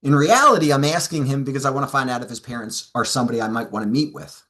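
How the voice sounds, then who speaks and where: A man's voice: mid-range voice, fast, bright, forceful tone. A middle-aged man giving a seminar talk as a sales trainer, telling stories and acting out both sides of client conversations.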